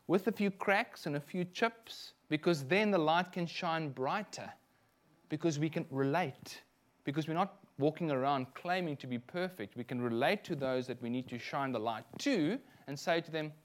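South African male minister, fairly high voice, lively anecdotal sermon delivery. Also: moderate pace. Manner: animated, lively storytelling with frequent asides.

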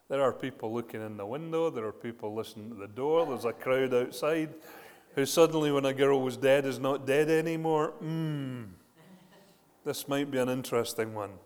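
Man preaching in a reverberant hall. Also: mid-range voice. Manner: animated storytelling, rhetorical questions. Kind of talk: sermon.

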